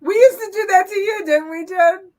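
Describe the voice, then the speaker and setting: A woman's voice: extremely high pitch, normal speed, darkish tone. A woman co-hosting a show, chatting casually about viral videos, laughing often and trailing off with fillers. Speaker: co-host reacting to viral videos. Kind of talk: casual chat.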